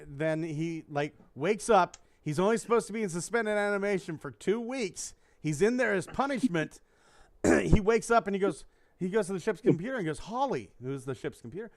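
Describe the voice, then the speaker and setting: In a dry recording, a high-voiced man hosts a podcast in casual chat. He rambles through a story, swearing a lot and acting out the quotes.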